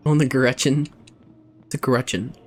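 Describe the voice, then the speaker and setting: Chatting over his gameplay stream, a young man speaks at a measured pace with a medium pitch and fairly flat intonation. He meanders, curses, and abandons thoughts halfway.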